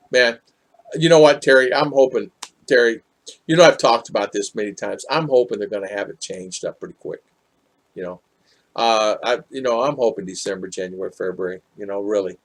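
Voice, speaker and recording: A man's voice: fairly low pitch, normal speed. A man from the United States telling a story in a casual vlog, acting out both sides of the dialogue and replying to live chat. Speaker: vlogger reading live chat.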